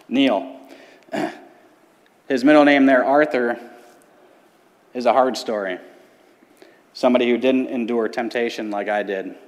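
Earnest man in a reverberant hall. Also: mid-range voice. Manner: earnest, storytelling with quoted voices. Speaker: church testimony speaker. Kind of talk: personal testimony talk.

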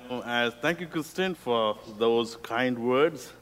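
A middle-aged Indian man, a guest preacher and youth ministry director, gives a sermon to a youth group in a hall. His medium-pitched, slightly bright voice is slow and deliberate with non-native phrasing, and the echoey church room adds long reverb.

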